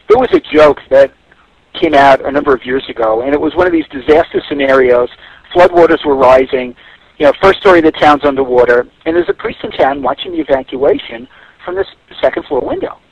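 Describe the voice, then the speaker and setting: Guy on a radio interview telling stories, reflective, really swoopy pitch, husky voice. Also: highs cut off. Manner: storytelling, reflective. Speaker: radio guest.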